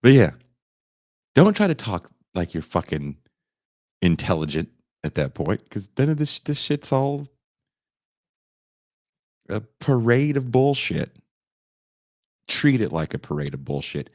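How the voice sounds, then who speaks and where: A man hosting a podcast, delivering a loud, profane comedic rant that swings into shouting. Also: lowish voice, very animated, a little slow, pauses often, dry recording, studio quality. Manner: loud, swearing, swings into shouting and mock voices. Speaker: podcast host.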